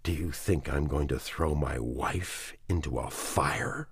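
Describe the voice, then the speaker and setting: A man voicing a worn-out, grieving middle-aged widower who speaks in a low, hushed and strained way. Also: slow, breathy edge, no echo, clean studio sound, full character voice. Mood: desperate, defiant.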